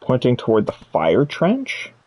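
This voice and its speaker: A man streams a video game, casually commenting while he explores and muttering item names to himself as he reads them aloud. His mid-range, darkish voice swoops wildly in pitch and runs a little slow.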